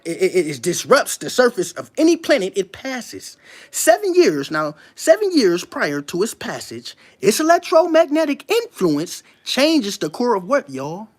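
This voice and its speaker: This is a commentator holding forth to an online audience in a casual, unscripted monologue. The pitch swings widely, rising sharply on repeated challenges to the listener and sinking low when reading passages aloud at a slow, deliberate pace. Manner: emphatic, keeps firing rhetorical questions at listeners; reads passages aloud slowly, then comments.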